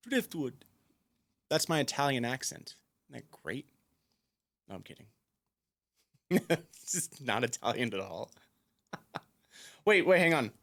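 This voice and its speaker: Unhurried man musing over a stream. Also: on the high side. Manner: musing aloud, reading chat, humming, laughing. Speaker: streamer and piano teacher. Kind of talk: casual live-stream chat. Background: soft background music.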